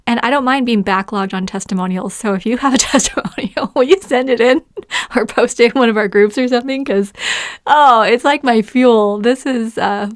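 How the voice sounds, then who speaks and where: A woman hosting a solo podcast, talking with bright enthusiasm, often laughing as she shares listener stories. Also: on the high side, moderate pace, no room sound, studio quality. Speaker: podcast host. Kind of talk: casual solo podcast talk.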